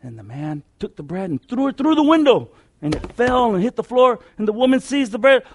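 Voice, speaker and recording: A man preaching a sermon emphatically, repeating key lines and letting phrase ends fall quiet. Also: very high voice, big pitch swings, a little fast.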